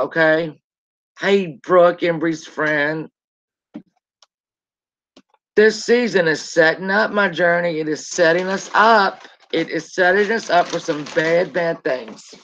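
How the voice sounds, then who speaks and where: A middle-aged woman hosting a casual live stream, chatting warmly and greeting viewers by name. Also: low-pitched. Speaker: livestream host. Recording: dull lo-fi stream audio.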